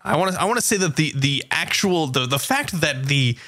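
A man's voice: on the high side, animated, brisk, bright, forceful tone, no room sound, clean studio sound, soft background music. A man co-hosting a casual podcast, reading news headlines aloud with playful, exaggerated emphasis. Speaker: podcast co-host.

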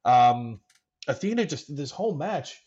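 Man, podcast co-host, casual chat, slightly high voice, excitable, joking, dull lo-fi recording. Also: unhurried. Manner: excitable, joking, frequent fillers.

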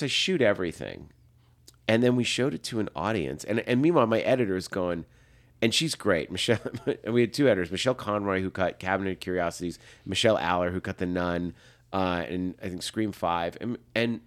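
A man around fifty, a film director, telling animated anecdotes as a guest and acting out the lines he quotes. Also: lowish voice. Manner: lively storyteller, acts out quotes, laughs often.

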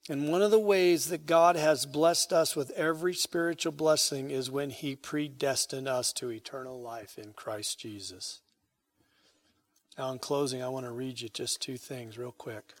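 A man preaching a sermon as pastor, emphatic, swelling loud on key phrases and dropping soft at the ends of lines. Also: medium pitch, normal speed.

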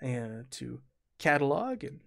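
A man voicing a poised woman expedition leader who makes formal introductions in a measured way. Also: mid-range voice, very animated, vocal fry, exaggerated voice.

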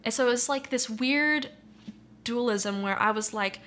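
A young woman shares her personal faith testimony as an interviewee, speaking earnestly and reflectively in a conversational style full of "like" and "you know." Her voice is on the high side, unhurried and a bit bright, with a little hiss or hum.

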